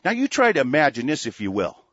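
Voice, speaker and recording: A man's voice: mid-range voice, huge pitch swings, fast, fairly bright tone, no room sound. A man hosting a radio show, delivering an angry, profane political rant full of stammered restarts. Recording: dull lo-fi dry recording.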